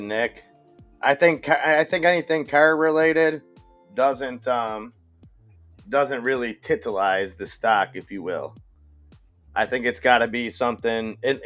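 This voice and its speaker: A man's voice: mid-range voice, fairly bright tone. A man co-hosting a live stock market stream, chatting casually, reading viewer comments and often restarting his sentences. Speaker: stock market livestream co-host.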